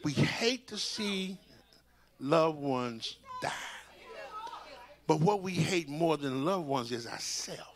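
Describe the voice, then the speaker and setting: A man leading a church Sunday school class, preaching in an animated way, repeating his words and breaking into shouts. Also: on the high side, slow, some chatter behind.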